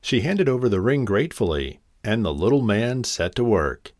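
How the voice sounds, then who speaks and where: A man narrating a fairy tale in an expressive, animated reading. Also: on the low side, moderate pace, dry recording, studio quality. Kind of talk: storybook narration.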